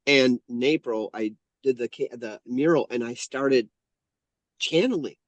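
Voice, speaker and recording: A man's voice: medium pitch, unhurried, dry recording. Earnest man in his fifties, dry sound. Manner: earnest, heartfelt, lots of self-corrections. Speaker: guest, painter and channeler. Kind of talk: conversational interview storytelling.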